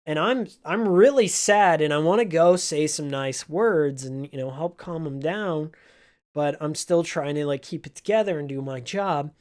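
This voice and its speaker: On the high side and darkish in tone, a man's voice carries a slow, emotional retelling of something from his former game store job. The casual vlog has an earnest, heartfelt feel.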